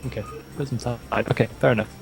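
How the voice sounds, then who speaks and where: A man's voice: medium pitch, steady tone, quick pace, vocal fry. A young man casting a strategy game match in a casual, chatty way, often restarting his words. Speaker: esports caster.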